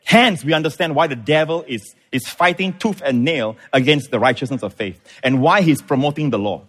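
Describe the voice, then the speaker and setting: A man's voice: a little high, expressive, brisk, hardly any pauses, fairly bright tone. A middle-aged man, a pastor preaching a sermon. He calls on the congregation for amens and often repeats his words.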